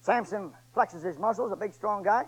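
A man preaching a sermon in a folksy, colloquial storytelling way that swings between booming emphasis and hushed asides. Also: moderate pace, husky, low-quality recording.

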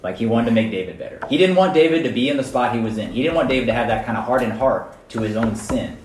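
A man preaching a casual sermon to a small group, conversational and animated, often checking in with his listeners. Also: mid-range voice, quick pace, a little hiss or hum. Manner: conversational, animated, frequent "right?" and "guys". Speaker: youth preacher. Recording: echoey room, mic at a distance.

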